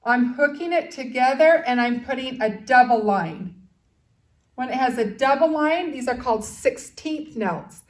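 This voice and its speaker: A woman's voice: sits high, expressive, unhurried. A woman teaching an elementary music lesson to young children, patiently explaining notes and counting rhythms aloud as they clap along.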